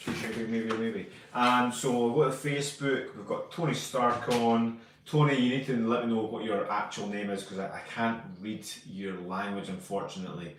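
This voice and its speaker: A man's voice: medium pitch, steady tone, normal speed, recorded from a distance. Chatty Scottish man in an echoey room. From Scotland. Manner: chatty, reads out viewer names and greets them. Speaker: co-host of a live stream. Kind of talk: casual live-stream chat reading comments.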